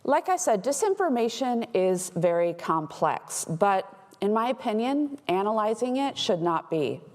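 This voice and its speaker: A woman from Texas giving a conference talk as a threat intelligence analyst, explaining in a clear way with light humor. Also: mid-range voice. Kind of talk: conference presentation. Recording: long hall reverb.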